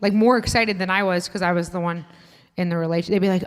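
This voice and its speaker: A woman's voice: medium pitch, quick pace, smooth. Woman doing stand-up in a reverberant club. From Indiana, USA. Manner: chatty, self-deprecating, builds to loud punchlines. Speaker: stand-up comedian. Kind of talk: stand-up comedy set. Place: comedy club stage. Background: live audience.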